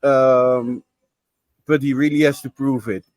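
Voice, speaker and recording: A man's voice: medium pitch, steady tone, takes it slowly, a little mellow, no echo. A man co-hosting a football podcast, giving frank, opinionated views with some repeated words. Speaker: podcast co-host. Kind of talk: casual football podcast chat.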